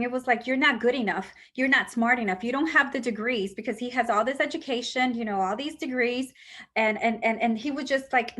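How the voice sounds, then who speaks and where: Middle-aged woman, fairly high voice, emotional testimony, emphatic storytelling. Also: fairly bright tone. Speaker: abuse survivor telling her story. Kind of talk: personal testimony.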